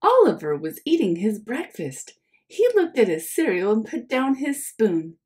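A young woman teacher reads a picture book aloud to children, friendly and calling them her friends. She speaks slowly, with a lively, sing-song rise and fall. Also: fairly high pitch. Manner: friendly, addresses listeners as friends.

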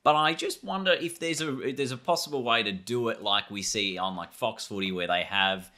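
A man's voice: on the low side, brisk, sharp tone. A man, a gaming YouTuber, giving a casual breakdown of a trailer and thinking aloud in a loose, rambling way.

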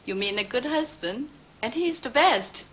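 A woman's voice: a little high, expressive, measured pace, heavy background noise. A young actress playing a cheerful wife who soothes her husband and switches into Cantonese. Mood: cheerful soothing. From Hong Kong. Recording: sitcom studio with audience laughter.

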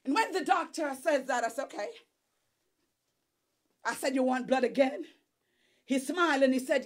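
A woman's voice: sits high, animated, normal speed, pauses often. A middle-aged woman giving a fervent church testimony, exclaiming and calling out to the congregation.

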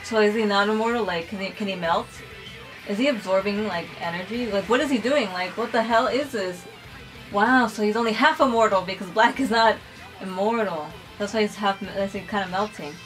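A young woman hosting a casual reaction video, talking excitedly, swearing freely and saying "like" a lot. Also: medium pitch, brisk, faint music behind, poor audio. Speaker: reaction channel host. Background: anime episode audio playing.

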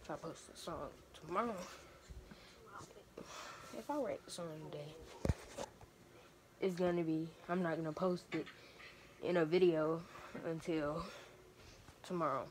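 A woman's voice: low-pitched, unhurried, pauses often, noisy background. A young woman, chatting casually to her viewers in a vlog, rambling and repeating herself. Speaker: vlogger. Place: camper.

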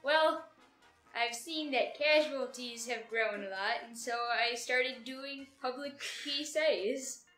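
Someone voicing a squeaky dim-witted comic sidekick. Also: pushed and bright, echoey room, faint music behind, exaggerated voice. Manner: rambling, halting, clueless. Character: dim, cheerful male comedy character. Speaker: co-host. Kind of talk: comedy sketch banter.

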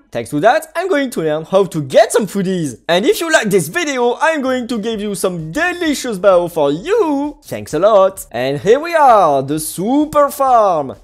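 A woman's voice: on the high side, darkish tone. Bubbly woman gaming. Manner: bubbly, exclaims and giggles, hums little tunes. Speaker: gaming video creator. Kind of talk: playful gameplay commentary.

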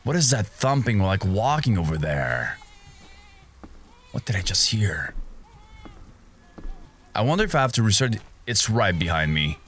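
Jumpy, bright-voiced young man gaming. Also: on the low side, big pitch swings, measured pace, pauses often, a little hiss or hum. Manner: jumpy, yelps and gasps at scares, talks to himself. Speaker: gaming streamer. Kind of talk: horror game playthrough commentary.

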